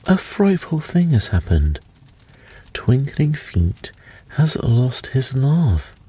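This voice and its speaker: Man playing an old white-haired elf fiddler, solemn storybook elder, slow and dark. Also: sits low, sing-song, breathy edge, full character voice. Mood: grave.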